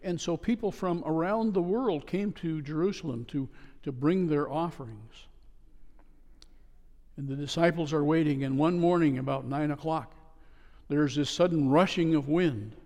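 Casting note: male pastor with a slightly higher voice, earnest storytelling sermon, long church echo. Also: a little mellow. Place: church sanctuary. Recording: long reverb of a church hall.

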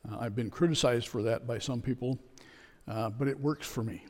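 A man preaches a sermon, moving at a calm, measured pace and slipping jokes into his stories. His voice sits in a middle register. Long reverb from the church carries each phrase. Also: medium pitch. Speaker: pastor. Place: church sanctuary.

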